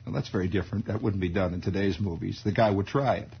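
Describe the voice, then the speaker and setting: On a dull archival recording with a little hiss or hum, a fast-talking American radio host in his forties rambles through a wry, aside-filled story. His voice is low-pitched and creaky.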